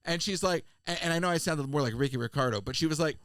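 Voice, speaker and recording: A man, co-hosting a podcast and telling a funny travel story in casual chat, slipping into quick voices of people he met. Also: on the high side, fairly bright tone, dry recording. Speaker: podcast co-host.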